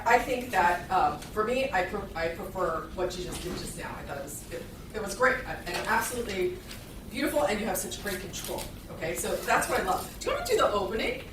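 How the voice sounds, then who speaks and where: A woman's voice: fairly high pitch, distant mic, background noise. A woman teaching a violin master class, encouraging and chatty, singing phrases to show how they should sound. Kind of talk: live master class coaching. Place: concert hall with audience. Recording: echoey hall, voice from afar. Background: violin playing.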